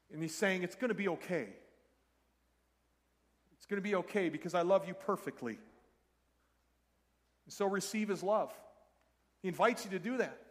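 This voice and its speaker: A man's voice: high-pitched, long reverb tail. A man preaching a sermon, telling a story and speaking earnestly and directly to his congregation. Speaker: pastor.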